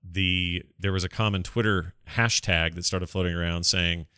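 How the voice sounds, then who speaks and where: A man's voice: deep voice, fairly even intonation, moderate pace, bright, forceful tone, clear, resonant tone, dry recording, clean studio sound. A man from the United States talking bluntly and with strong opinions as a podcast co-host in casual chat.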